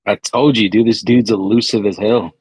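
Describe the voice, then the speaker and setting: Low-voiced man rambling at the game table. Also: fairly even intonation, normal speed, darkish tone, slightly rough, no echo. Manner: rambling, full of "like". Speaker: player. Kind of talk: casual tabletop game play.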